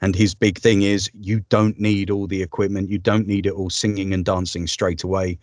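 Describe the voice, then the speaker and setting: A man's voice: low-pitched, flat delivery, moderate pace, no room sound, studio quality. A man, a voice-over artist, chatting upbeat in an interview with frequent ums and laughs. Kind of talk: casual interview conversation.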